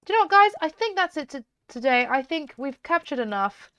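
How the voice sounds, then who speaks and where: A woman giving chatty, excitable let's-play commentary as a gaming YouTuber, often giggling. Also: high voice, brisk.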